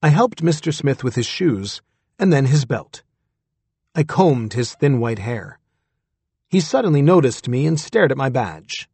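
A man with a husky voice narrating a story in the first person, in a close, dry recording. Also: medium pitch, big pitch swings, measured pace, darkish tone, no room sound. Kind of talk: scripted audiobook narration.

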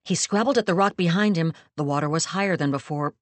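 A woman reading a story aloud in a measured, steady narrating voice, close to the mic. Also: low-pitched, no room sound. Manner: measured, steady storytelling with quoted lines acted. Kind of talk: scripted audiobook narration.

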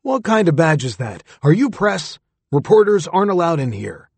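A man voicing a confused, gruff elderly ex-astronaut. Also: a little high, big pitch swings, normal speed, no room sound, exaggerated voice. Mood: suspicious. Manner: bewildered, then barking.

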